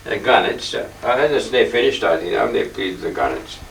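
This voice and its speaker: An older man talks his halting, wandering way through his paintings, often clearing his throat. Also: lowish voice, expressive, a bit bright. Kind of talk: rambling casual reminiscence. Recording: echoey room, distant mic, faint hiss.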